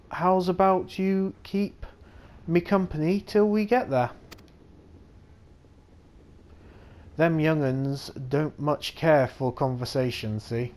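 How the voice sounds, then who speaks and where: A man voicing a friendly, folksy male merchant on a ship, reading his lines in a slow, halting way. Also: on the high side, darkish tone. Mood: chatty.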